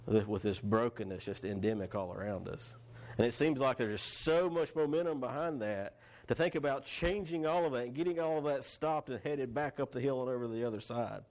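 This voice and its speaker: A man's voice: medium pitch, fairly quick, a little mellow. Man preaching a casual sermon. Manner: conversational, repeats and restarts phrases, asks the congregation questions. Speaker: pastor.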